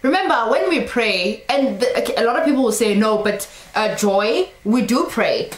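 A woman giving a casual spoken sermon to camera, animated and scolding with teasing asides. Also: on the high side, normal speed, echoey room. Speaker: Christian teacher.

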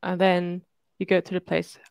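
A woman's voice: on the low side, monotone, normal speed, gravelly, no echo, muffled recording. A woman coaching a client over a video call, asking probing, encouraging questions. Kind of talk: live online coaching session.

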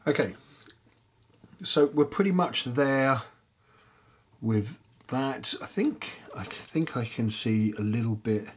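Rambling low-voiced man painting miniatures. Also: husky. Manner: rambling, chatty, many fillers; mutters softly while painting. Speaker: miniature painting hobby channel host. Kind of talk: casual painting tutorial.

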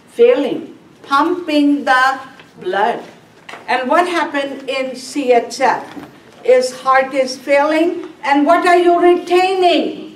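A woman with a high voice teaches a nursing class at a slow, deliberate pace. She fires questions at the room and answers them herself, driving home key terms by repeating them. She is picked up from across an echoey classroom. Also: slight background noise. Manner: asks and answers her own questions, repeats key words. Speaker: nursing instructor. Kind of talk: classroom lecture. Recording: roomy classroom from a distance.

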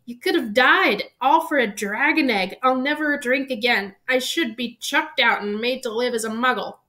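A woman's voice: mid-range voice, steady tone, close to an everyday voice. Hagrid, a woman doing a sobbing giant. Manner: sobbing, loud and drawn-out. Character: weeping giant male groundskeeper, big-hearted.

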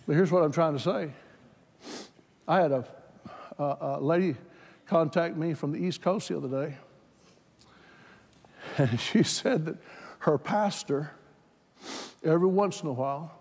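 A man preaching a sermon, moving from plain talk to loud, fervent exhortation. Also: breathy edge. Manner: builds from plain talk to shouted, high-pitched fervor. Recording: hall reverb.

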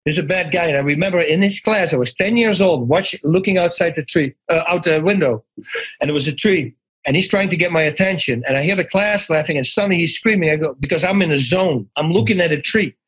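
A middle-aged man from the Netherlands with a Dutch accent, telling stories as an interview guest, animated, acting out quoted lines and often restarting his sentences. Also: fairly high pitch, quick pace, breathy edge, poor audio. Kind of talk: casual interview storytelling.

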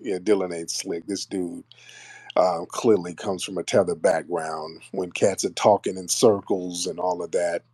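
A man's voice: sits low, steady tone, unhurried, darkish tone, slightly rough, dry recording. A man hosting a live call-in stream, talking in a brash, mocking way with blunt slang. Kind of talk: casual live call-in banter.

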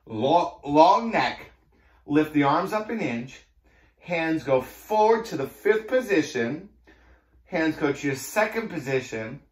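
A man's voice: fairly high pitch, animated, slow pace. A man with a Boston accent cueing a mat Pilates class, playful and jokey as he counts through the moves. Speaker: Pilates instructor.

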